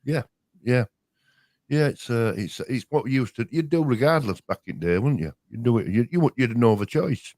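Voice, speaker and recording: A man's voice: medium pitch, expressive, a little fast, a little mellow, dry recording. An older man with a Yorkshire accent, co-hosting a casual live-stream chat, chatty and laughing as he drops into local dialect. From West Yorkshire. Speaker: co-host.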